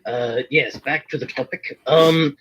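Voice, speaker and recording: A man's voice: mid-range voice, a little slow, fairly bright tone, breathy edge. A playful man from the southern United States, chatting casually as a podcast co-host. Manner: playful, slips into silly voices. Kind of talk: casual chat. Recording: dull, lo-fi sound.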